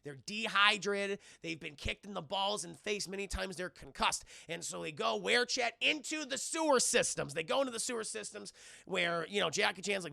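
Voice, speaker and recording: A man streaming live, recapping a movie scene by scene, animated and profane, acting out the scenes. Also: sits high, brisk, vocal fry, no echo, studio quality.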